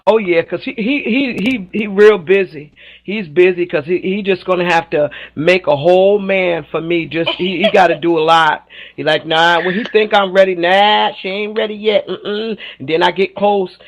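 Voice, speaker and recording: At a moderate pace and fairly low pitch, an outspoken, sassy woman trades stories in a casual radio interview, laughing frequently and voicing the people in them. The recording quality is low.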